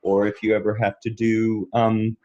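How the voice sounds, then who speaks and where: A man from the United States, a voice and speech coach, explaining pronunciation in a relaxed interview and demonstrating vowel sounds. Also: on the low side, normal speed, dull audio, slight background noise. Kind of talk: conversational interview answer.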